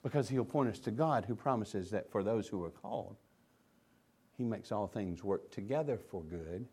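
A man preaching a sermon as pastor, impassioned and swinging between loud emphasis and hushed asides. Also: fairly low pitch, lively intonation, moderate pace, husky.

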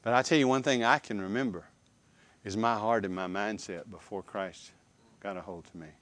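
A man's voice: on the low side, moderate pace. Emphatic preacher man. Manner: animated, emphatic preaching with repeated phrases. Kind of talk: sermon.

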